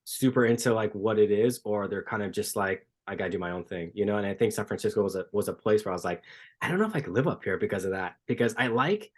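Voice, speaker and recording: A man's voice: fairly low pitch, quick pace. A man from Southern California who is a running coach, telling casual stories packed with "like" and acting out other people's greetings. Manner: animated storyteller, heavy use of "like", acts out greetings. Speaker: podcast guest, running coach. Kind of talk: casual chat.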